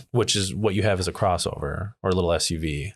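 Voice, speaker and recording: A man's voice: deep voice, fairly quick, fairly bright tone, husky. A man hosting a casual podcast chat, cursing freely and acting out his own rants. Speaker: podcast host.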